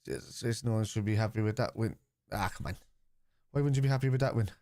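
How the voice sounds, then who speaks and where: A man's voice: on the low side, fast, darkish tone, no echo. A man hosting a live football watchalong, chatting casually and answering viewers' comments.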